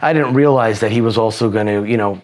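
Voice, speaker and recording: Male guest, lower register, loose profane storyteller who leans on filler phrases. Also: fast talker. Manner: profane, rambling, peppered with "you know". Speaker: podcast guest. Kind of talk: casual storytelling.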